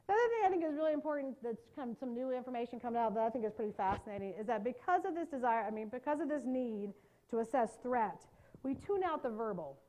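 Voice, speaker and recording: A woman trainer giving a workshop talk. Her voice sits a little high, and she stays lively and conversational, tossing quick tag questions to the room to keep people with her. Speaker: trauma-informed care trainer. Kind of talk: live workshop lecture.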